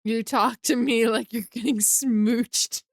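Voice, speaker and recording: A woman's voice: a little high, fairly even intonation, slow, vocal fry, no room sound, studio quality. A woman streamer in casual chat with her viewers, teasing and giggly.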